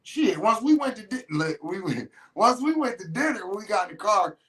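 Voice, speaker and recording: A podcast host telling a casual dating story in a profane, slangy, animated way, often restarting and repeating words. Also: medium pitch, normal speed.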